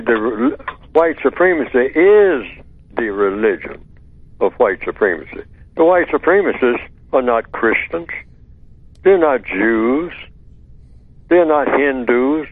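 A man speaking as a guest on talk radio, explaining in a measured, lecturing way and posing rhetorical questions that he answers himself. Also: medium pitch, dry recording. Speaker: guest expert on call-in radio. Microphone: telephone. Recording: tinny dry phone line.

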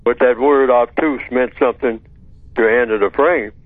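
Male radio guest calling in on a phone line, lo-fi and dry, measured and lecturing. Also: medium pitch, fairly even intonation, no room sound. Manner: measured, lecturing, asks and answers his own rhetorical questions. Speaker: guest expert on call-in radio. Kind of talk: talk radio discussion. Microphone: telephone.

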